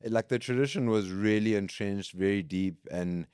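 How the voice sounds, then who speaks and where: A man's voice: on the low side, normal speed, smooth, dry recording, studio quality. A South African man in his late thirties, a podcast guest telling school stories in a casual chat and laughing often. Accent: South African English. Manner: laughs often, lively anecdotes.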